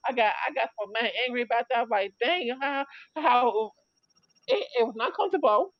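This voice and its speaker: Woman livestream host, casual storyteller, repeats and restarts constantly, higher voice, dry muffled audio. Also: sing-song, very fast, no echo. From Chicago area. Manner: rambling storytelling with many repetitions and restarts.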